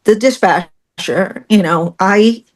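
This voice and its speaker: Brief: middle-aged woman, podcast guest, lively storyteller, mid-pitched voice, laughs easily. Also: slow pace. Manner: animated, acts out quotes, laughs through hard moments. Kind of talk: personal storytelling in conversation.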